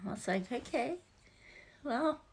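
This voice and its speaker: A woman's voice: a little high, expressive, measured pace, vocal fry, slightly rough. A middle-aged Australian woman, a mother, chatting casually and telling family stories, acting out what her husband said. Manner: storytelling, quoting her husband, laughing often.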